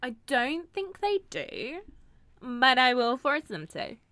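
A woman's voice: sits high, slow pace, no room sound. A woman co-hosting a podcast, chatting casually and giggling often. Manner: giggly, bubbly and expressive. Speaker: podcast co-host. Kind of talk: casual chat.

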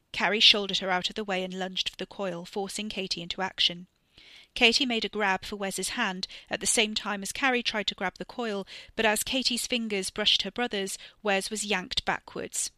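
A woman narrating a scripted story in a measured way. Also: medium pitch, bright, forceful tone, dry recording. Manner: measured, reading with acted dialogue.

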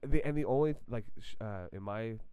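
Smooth-voiced man telling a story. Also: fairly low pitch, fairly quick, dry recording. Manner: animated, full of "like" fillers and restarts. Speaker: podcast co-host. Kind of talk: casual storytelling.

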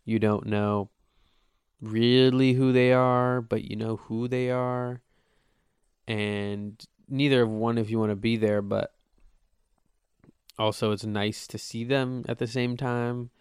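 A man's voice: mid-range voice, flat delivery, slow, pauses often, a little mellow, smooth, no echo, studio quality. A young man hosting his own podcast, rambling casually and swearing, joking at his own expense. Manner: rambling, profane, self-mocking. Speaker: podcast host. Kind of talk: casual solo podcast monologue.

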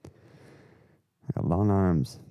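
A man hosting a podcast, rambling through casual, sweary, animated rants. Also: sits low, takes it slowly, clear, resonant tone. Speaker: podcast host. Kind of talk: casual chat.

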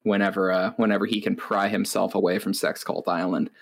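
A man's voice: low-pitched, flat delivery, fairly quick, vocal fry, slightly rough. A man co-hosting a podcast, telling stories in a wry, rambling way with lots of filler words. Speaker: podcast co-host. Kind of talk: casual chat.

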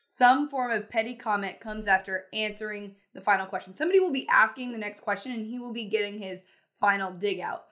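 A woman co-hosting a sports podcast, giving quick, chatty takes on college football. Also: mid-range voice, a bit bright. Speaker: podcast co-host. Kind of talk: casual sports talk.

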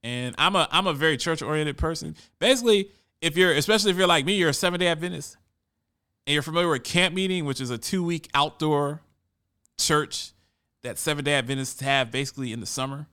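A man speaks in a casual storytelling monologue, with a fairly high voice. His tone is bright and forceful. He talks conversationally and often doubles back on his words as he goes. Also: brisk, smooth. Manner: conversational, often repeats words when restarting.

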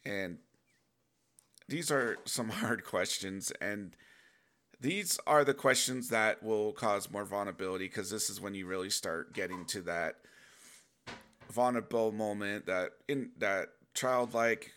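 Middle-aged guy talking earnestly about his faith, lowish voice, bright forceful tone. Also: a little slow, slight background noise. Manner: earnest, emotionally open. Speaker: podcast host sharing faith testimony. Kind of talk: personal faith talk.

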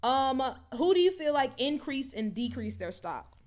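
Chatty woman podcast co-host. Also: moderate pace. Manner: chatty and animated, many fillers like "like" and "low-key". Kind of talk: casual wrestling chat.

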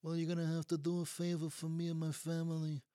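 A swaggering mob-boss Godfather impersonator, put on by a man, leans on every demand with mock menace. The voice sits noticeably higher than a natural speaking voice and barely moves in pitch. The sound is close and dry. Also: completely flat delivery, fast talker, mellow, clear, resonant tone, dry recording, close to an everyday voice. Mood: mock-threatening. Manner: mock-menacing mobster talk.

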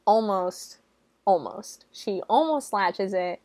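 A young woman giving a casual, chatty movie recap, swearing freely and jumping into high, loud mock quotes. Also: animated, slow, no echo. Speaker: movie reviewer.

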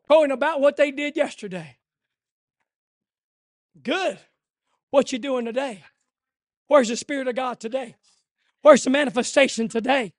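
A man preaching a fervent sermon, swinging from hushed lines to shouting. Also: extremely high pitch, no room sound, clean studio sound.

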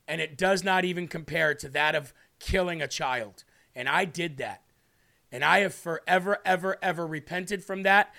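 A man's voice: a little high, vocal fry, bright, forceful tone. A man hosting a live show, reading scripture aloud and preaching with emphatic, repeated lines. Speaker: livestream show host.

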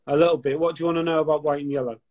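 Man, Scouse-sounding accent, blunt and sweary, raised pitch, dull lo-fi video call audio. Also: steady tone, racing. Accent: Scouse-sounding northern English. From northwest England, near Liverpool. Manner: blunt, profane, banter-heavy. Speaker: guest gecko breeder. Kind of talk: casual, sweary live chat. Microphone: webcam on a live video call.

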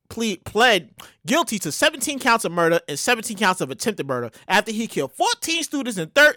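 A man giving casual news commentary in an animated way, swearing, stammering and restarting, with sudden loud mock exclamations. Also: very high voice, no echo, studio quality.

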